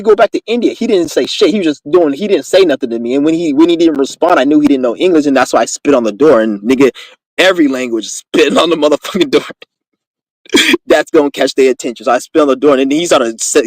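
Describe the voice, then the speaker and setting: A man talks fast and loose in a casual monologue, boastful and full of cursing. His voice sits a little high. The sound is dry, with no room echo. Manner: rambling, profane, boastful storytelling. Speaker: vlogger.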